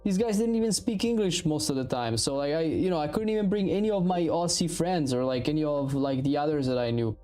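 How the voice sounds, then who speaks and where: A man in his thirties from Italy with an Italian accent, chatting casually and profanely while streaming game development, rambling and animated. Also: on the high side, brisk, hardly any pauses. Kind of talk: casual livestream chat.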